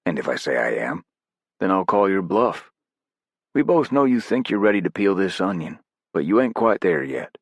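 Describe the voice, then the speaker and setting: A man's voice: sits low, very animated, normal speed, no room sound, voice pushed up, exaggerated voice. A man voicing a wry, easygoing veteran special ops leader who teases in a folksy way, in an audiobook.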